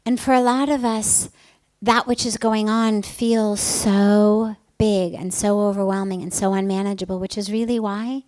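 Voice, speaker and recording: A woman's voice: mid-range voice, darkish tone, low-quality recording. Earnest woman giving a spiritual talk. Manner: earnest, storytelling, emphatic repetitions. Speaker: spiritual teacher. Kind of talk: spiritual talk with personal story.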